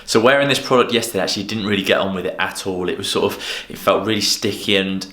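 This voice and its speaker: A man's voice: low voice, fast talker, sharp tone. A man giving a frank, rambling recap of a product he tried, often restarting his sentences. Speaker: male grooming specialist and host. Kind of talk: casual product review recap. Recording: echoey room.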